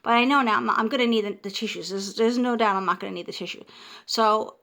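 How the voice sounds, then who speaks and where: A woman, telling a story casually to her viewers in an animated, emotional way, often restarting her sentences. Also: on the high side, quick pace, vocal fry. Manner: animated, emotional, frequent restarts and self-interruptions. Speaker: vlogger.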